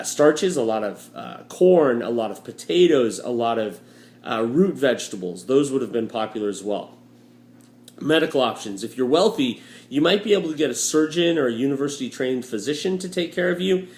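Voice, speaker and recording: A man's voice: mid-range voice, animated, normal speed, a little mellow. A man teaching a history lesson in a casual, joking way, with frequent fillers, recorded at home. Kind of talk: recorded lecture walkthrough. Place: home room with a dryer running. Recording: roomy echo.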